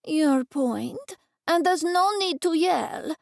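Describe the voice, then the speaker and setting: A woman's voice: high voice, expressive, takes it slowly, vocal fry, no echo, clean studio sound, voice pushed up, heavily acted. A woman voicing a cranky, hungover female talking cat in an audiobook, speaking in an irritable, grumpy way.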